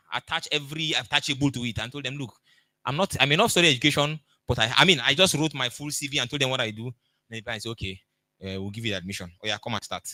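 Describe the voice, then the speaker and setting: Acting out the characters in his stories, a middle-aged Nigerian-accented man delivers emphatic motivational coaching through storytelling and dialogue. His voice is mid-range with a sharp tone, and the recording is dry.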